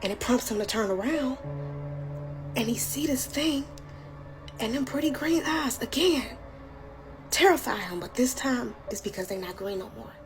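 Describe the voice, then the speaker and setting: A woman telling a scary story in a casual, colloquial way, slipping into hushed whispers at the tense parts. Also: on the high side, lively intonation, normal speed, long pauses. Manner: colloquial, chatty. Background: background music.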